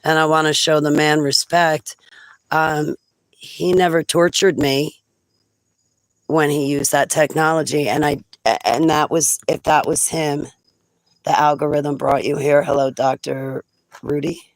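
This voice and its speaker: A woman vlogging in a rambling personal monologue, chatty and quick to laugh between thoughts. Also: low-pitched, fairly even intonation, no room sound, low-quality recording.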